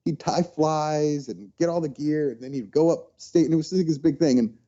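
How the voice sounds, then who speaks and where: A man being interviewed on a podcast, telling childhood stories in an animated way and acting out what people said. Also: on the high side, moderate pace, muffled recording. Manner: animated storyteller, acts out quotes. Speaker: podcast guest. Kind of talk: casual storytelling interview.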